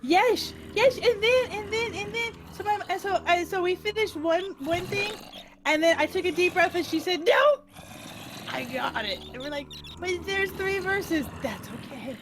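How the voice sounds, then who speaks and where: High, lively woman streamer telling a giggly story; noisy mic. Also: normal speed. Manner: animated, giggly, acts out quotes in voices. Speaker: streamer joining a Minecraft session. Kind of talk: casual storytelling chat.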